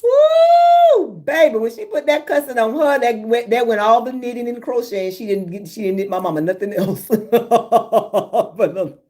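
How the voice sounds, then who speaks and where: Lively laughing woman storyteller. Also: fairly high pitch, normal speed. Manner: lively storytelling, laughing often, drawling Southern speech. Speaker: livestream host. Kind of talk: casual chat with live viewers.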